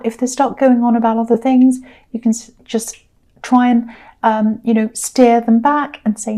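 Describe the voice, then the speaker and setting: Chatty woman reading tarot, mellow tone. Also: on the high side, level tone, normal speed. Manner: chatty, meandering, reassuring. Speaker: tarot reader. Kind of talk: casual tarot reading monologue.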